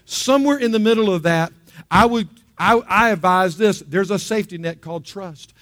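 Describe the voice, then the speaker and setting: Man, pastor, middle-aged, higher-pitched voice, chatty storytelling sermon, emphatic appeals. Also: normal speed, a bit bright.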